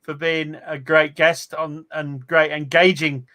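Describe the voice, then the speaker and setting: A man's voice: on the high side, little pitch movement, a little slow, pushed and bright. An English man hosting an online interview over a video call, polite and courteous as he thanks guests and passes on questions. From Nottingham, England. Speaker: host.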